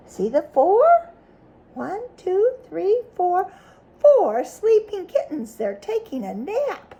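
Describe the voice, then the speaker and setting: A woman's voice: very high-pitched, slow, lo-fi sound. A woman reading a picture book aloud to a child, stopping often to ask questions about the pictures. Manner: animated, asks the child questions.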